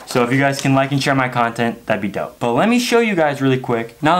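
A young man rants straight to camera in a loose, chatty vlog. He tells stories in an animated way, dropping "like" and "okay?" all the time, and his voice sits at a mid pitch. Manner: animated storytelling, frequent "like" and "okay?". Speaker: wrestling vlogger. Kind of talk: casual vlog rant.

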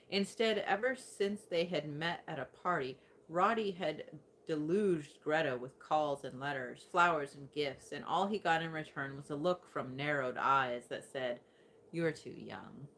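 A woman's voice: sits low, a bit bright, slight background noise. A woman reading a science fiction short story aloud, putting on voices for the characters. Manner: acts out several voices in the dialogue. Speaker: audiobook reader. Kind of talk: scripted narration of a short story.

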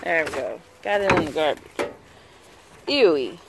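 Filming her backyard hens outdoors on a handheld phone, a middle-aged woman with a low, lively voice chats casually and unhurriedly. She laughs a lot and coos sing-song at the chickens, with a noisy background of faint clucking.

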